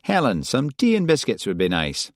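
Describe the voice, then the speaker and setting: A man reading aloud, voicing a pompous, vain senior police superintendent in a smooth, condescending manner. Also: medium pitch, huge pitch swings, normal speed, no echo, studio quality, pitched above the performer's own voice. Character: pompous silver-haired male police superintendent.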